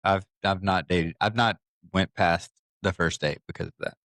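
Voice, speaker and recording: A man's voice: low-pitched, steady tone, normal speed, fairly bright tone, dry recording. A man co-hosting a podcast, chatting casually and teasing his co-host as a playful devil's advocate. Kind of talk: casual chat.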